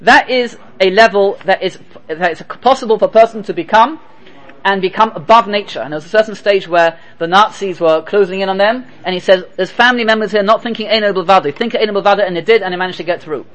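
High-voiced man teaching a Torah class. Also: quick pace. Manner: lively storytelling mixed with Hebrew and Yiddish terms.

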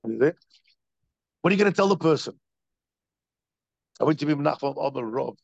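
A man's voice: a little high, expressive, normal speed, vocal fry, a little mellow, no room sound, lo-fi sound. A man, a rabbi, giving a Torah lecture, telling stories with lots of repetition and rhetorical questions.

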